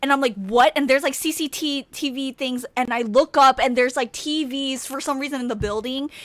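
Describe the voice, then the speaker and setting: A young woman co-hosting a podcast, telling a story in an animated way with bursts of laughter. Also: high voice, brisk, no echo. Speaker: podcast co-host. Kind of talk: casual chat.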